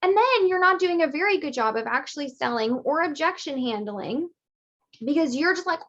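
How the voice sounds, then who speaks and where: High-voiced chatty woman business coach. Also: moderate pace, highs cut off. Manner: lively, casual, acts out quotes with big pitch jumps. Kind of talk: teaching monologue.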